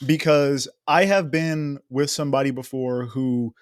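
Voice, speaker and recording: A man's voice: medium pitch, fairly even intonation, a little slow, no room sound, studio quality. A man guesting on a casual podcast, speaking earnestly and giving relationship advice. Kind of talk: casual recap chat.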